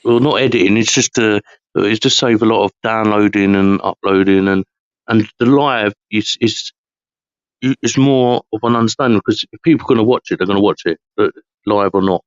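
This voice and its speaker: Tired man, low voice, rambling. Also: dry recording, highs cut off. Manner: tired, rambling, slangy, quick to laugh. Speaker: podcast host. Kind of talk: casual late-night chat.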